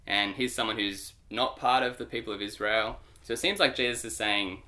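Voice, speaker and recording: Bright-voiced man explaining scripture. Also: on the low side, moderate pace. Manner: explanatory, animated. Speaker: Bible teacher. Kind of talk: podcast discussion.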